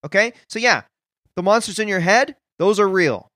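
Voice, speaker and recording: Male comedy co-host, dry and teasing, fairly high voice, no room sound. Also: lively intonation, normal speed, pushed and bright, dry recording. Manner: dry, teasing, bluntly boastful. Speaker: podcast co-host. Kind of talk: improvised comedy banter.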